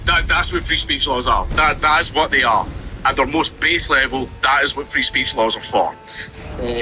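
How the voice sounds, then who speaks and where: A man's voice: medium pitch, sharp tone, a little hiss or hum, poor audio. A man giving sarcastic, ranting commentary, reading news aloud and then mocking it. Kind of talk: ranting commentary over gameplay.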